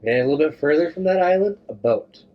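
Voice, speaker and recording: A man's voice: a little high, animated, fast. A male co-host in casual chat, playfully walking a guest through an imagined adventure. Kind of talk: casual chat, narrating a made-up scenario. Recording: dull lo-fi sound.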